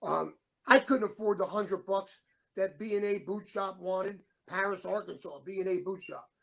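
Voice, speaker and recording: A man's voice: high voice, moderate pace, creaky, fairly bright tone. A middle-aged man co-hosting a talk show, telling rambling stories and acting out the dialogue he quotes. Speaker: show co-host, former wrestler. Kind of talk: casual storytelling.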